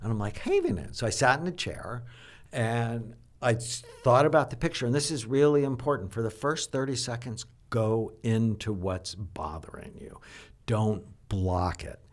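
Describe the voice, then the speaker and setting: An older man, a psychiatrist, explaining and telling stories in an animated, teacherly way during an interview. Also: medium pitch, moderate pace. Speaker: psychiatrist guest. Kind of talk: interview conversation.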